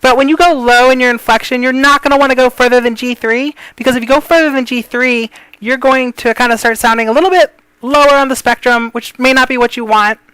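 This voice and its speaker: A woman coaches breathing and pitch drills in a loose, rambling way, trailing off into fillers and apologizing for tangents. Her voice sits fairly high and sounds smooth. The recording is close and dry. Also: fairly even intonation, fast talker, few pauses, a bit bright, no echo, low-quality recording. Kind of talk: casual tutorial.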